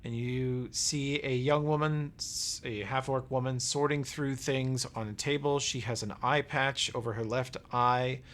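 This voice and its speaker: A man running a tabletop game as game master, relaxed and descriptive, checking in with his players. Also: medium pitch, unhurried, few pauses.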